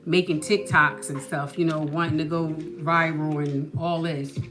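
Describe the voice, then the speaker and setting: A woman's voice: sits low, steady tone, a little slow. A woman vlogger chatting casually, telling stories with many asides. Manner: chatty, storytelling, full of asides. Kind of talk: casual chat. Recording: music playing behind the voice.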